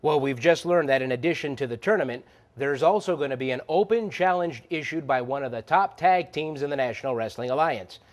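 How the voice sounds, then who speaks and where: A male wrestling announcer delivering upbeat, excited promotional announcements. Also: mid-range voice, brisk.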